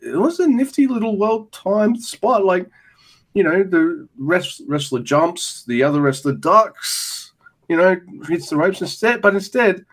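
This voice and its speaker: A man's voice: high-pitched, unhurried. Profane rambling podcast man. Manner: rambling, profane, animated play-by-play. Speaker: podcast co-host. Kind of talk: casual wrestling recap chat.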